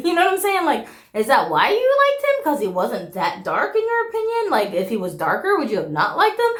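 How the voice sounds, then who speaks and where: Frank woman in her forties, casual vlogger, high voice with roomy echo. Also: a little fast, hardly any pauses. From America. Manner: animated, frank, swears freely, laughs often. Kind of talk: casual talk to camera.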